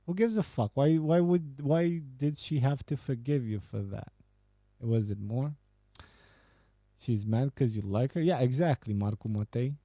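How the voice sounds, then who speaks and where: Laid-back man with a mellow voice. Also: mid-range voice, unhurried, dry recording, studio quality. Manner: laughing, profane, banter. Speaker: podcast host. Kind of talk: casual chat reading viewer messages.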